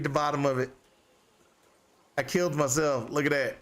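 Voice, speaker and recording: A man's voice: on the high side, level tone, moderate pace, a bit bright. A man streaming a game, giving casual, rambling commentary full of restarts and exasperated exclamations. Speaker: gaming streamer.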